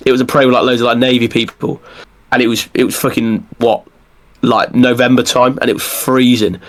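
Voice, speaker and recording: A man's voice: mid-range voice, a bit bright. A man who is a podcast guest, telling stories in casual chat with many fillers and restarts. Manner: rapid, rambling storytelling with lots of fillers and restarts.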